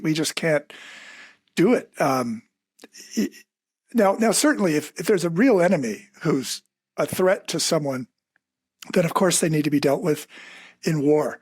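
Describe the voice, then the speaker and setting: A man, a physician, speaking as a guest on a podcast in a measured, earnest way. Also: on the high side, expressive, husky, no room sound. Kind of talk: conversational podcast interview.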